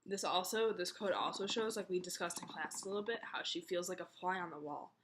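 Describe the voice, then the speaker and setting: A young college woman talks casually in a lowish voice from her kitchen at home. She is sick, and her voice comes and goes. She fills her talk with "like" as she chats about a class book. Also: fairly even intonation, fairly quick, noisy background. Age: young adult. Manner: chatty, heavy on "like" fillers. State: sick, voice fading in and out. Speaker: college student.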